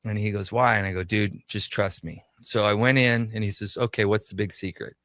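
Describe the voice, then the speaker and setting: A man's voice: fairly low pitch, fairly even intonation, brisk, fairly bright tone, no room sound. A man from Minnesota, a radio show creator and guest, telling anecdotes casually in a studio and acting out the dialogue. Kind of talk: casual storytelling.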